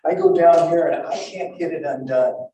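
An older man recounting a survival ordeal in a halting, breathless way, full of restarts and repeated words. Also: fairly high pitch, warm tone, muffled recording. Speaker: survivor telling his story. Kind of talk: spoken first-person recollection. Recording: very echoey and far from the mic.

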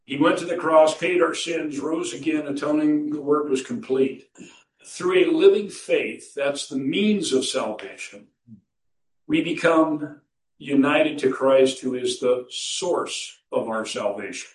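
A man's voice: on the high side, a little slow. A man preaching a sermon as pastor, folksy and storytelling, who chuckles at his own anecdotes. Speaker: pastor and counselor. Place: church sanctuary. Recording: roomy church recording from a distance.

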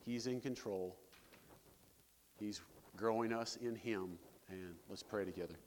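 A man preaching a sermon as pastor, animated, breaking scripture readings with joking asides. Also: lowish voice, unhurried. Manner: animated, jokey asides, reads scripture with rising emphasis. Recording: long reverb of a hall.

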